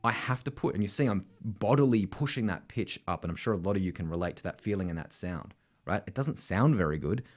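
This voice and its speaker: Australian man, lively low voice. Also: fairly quick. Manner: conversational, constant "right?" tags, sings demonstrations. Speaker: vocal coach. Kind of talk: casual instructional talk.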